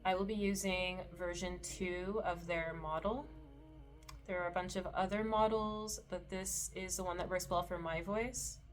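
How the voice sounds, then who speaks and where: A woman hosting a screen-recorded tutorial, explaining settings in a relaxed, explanatory way with the odd soft laugh. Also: lowish voice, measured pace. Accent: Canadian. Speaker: meditation creator and tutorial host.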